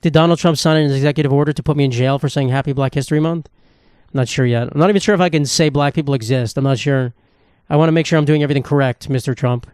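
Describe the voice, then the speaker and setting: Fast-rambling profane man hosting a podcast. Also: fairly high pitch, a little mellow, clear, resonant tone, dry recording, studio quality. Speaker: podcast host. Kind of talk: casual solo comedy podcast monologue.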